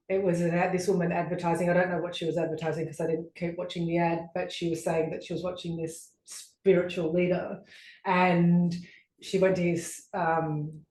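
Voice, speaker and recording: A woman's voice: lowish voice, a little mellow, slight background noise. A woman co-hosting a podcast, telling stories in casual chat with lots of fillers, sitting on a couch. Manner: chatty storyteller, rambling with many fillers. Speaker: podcast co-host. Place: living room couch. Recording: echoey room.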